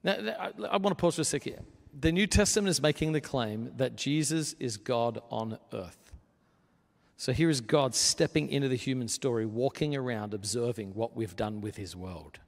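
A man preaching a sermon as pastor, earnest and conversational, building to forceful emphasis. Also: medium pitch, moderate pace, vocal fry. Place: church sanctuary. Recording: long reverb of a large hall.

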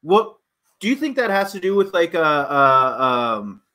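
A man co-hosting a casual chat, asking halting questions full of fillers. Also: a little high, big pitch swings, sharp tone. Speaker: co-host.

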